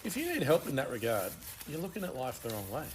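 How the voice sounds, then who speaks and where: Joking man, lively pitch. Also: fast, very noisy. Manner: joking, laid-back banter. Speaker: podcast co-host. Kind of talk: casual chat.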